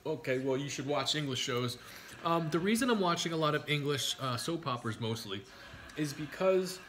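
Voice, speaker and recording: A man's voice: a little high, expressive, normal speed, a bit bright. A middle-aged man with a New York accent, hosting a casual eating video and joking his way through rambling stories. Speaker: mukbang host. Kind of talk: casual chat while eating.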